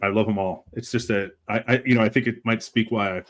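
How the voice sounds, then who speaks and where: A man's voice: on the low side, fairly even intonation, quick pace. A man hosting a casual live show, chatting enthusiastically and telling stories. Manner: enthusiastic storyteller, laughs easily. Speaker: host. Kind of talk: casual chat.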